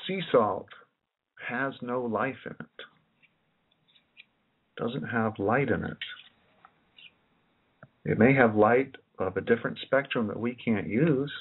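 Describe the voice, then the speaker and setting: Husky guy rambling through a lecture, keeps restarting sentences, tinny lo-fi sound. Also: mid-range voice, slow, long pauses. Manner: musing, repeats and restarts phrases. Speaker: independent researcher giving a presentation. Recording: tinny lo-fi recording.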